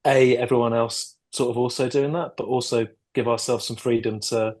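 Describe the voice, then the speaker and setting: A man chats as a podcast guest over a video call, thinking aloud with hesitant restarts and the odd throat clear. His voice sits at a middle pitch for a man. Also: little pitch movement, normal speed, darkish tone. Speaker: guest filmmaker and actor. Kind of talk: casual interview chat.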